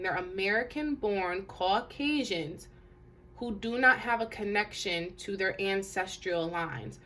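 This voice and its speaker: A woman's voice: mid-range voice, a bit bright. A woman doing a casual tarot reading to camera, talking earnestly with many restarts and fillers. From Detroit area.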